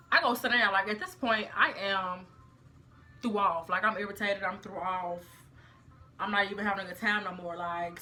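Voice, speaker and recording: Bright-voiced young woman telling a story. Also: mid-range voice, slight background noise. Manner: animated storyteller with slang. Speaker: vlogger. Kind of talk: storytime vlog.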